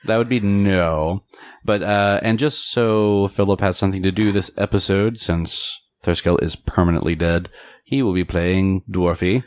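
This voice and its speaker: A man acting as game master of a tabletop game, talking in a relaxed, easygoing way as he rules on the action. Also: deep voice, measured pace, clean tone, no room sound, clean studio sound.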